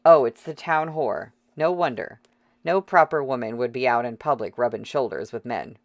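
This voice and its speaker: A reader voicing a crude, jeering man in a crowd who talks in rough slang, in an audiobook. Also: mid-range voice, moderate pace, no room sound, muffled recording, natural voice. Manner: sneering, rough slangy talk.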